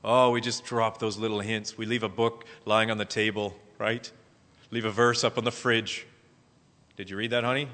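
A man preaching a sermon as pastor, animated, often acting out quotes. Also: on the low side, moderate pace. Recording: long hall reverb.

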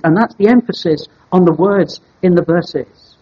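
A man preaching an evening Bible sermon in a measured, deliberate way, stressing key words as he teaches. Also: sits high, mellow, husky. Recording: dull lo-fi sermon recording.

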